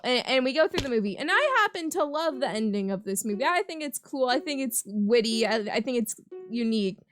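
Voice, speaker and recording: A young adult woman who hosts a gaming channel tells a rambling story while playing a game, casual and chatty. She's giggly, often laughing mid-sentence, and her voice is a little high, with slight background noise.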